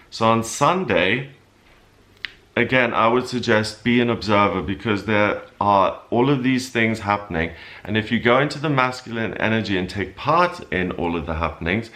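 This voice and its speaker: A man talking through the week's astrology as a horoscope reader, explaining calmly with loose, rambling asides. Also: fairly low pitch. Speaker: astrologer giving a weekly horoscope. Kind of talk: casual spoken forecast.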